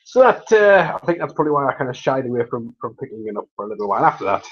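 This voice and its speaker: A man's voice: medium pitch, very animated, racing. Guy rambling on a livestream, jokey, laughs a lot, muffled lo-fi sound. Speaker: livestream host. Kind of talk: casual livestream chat.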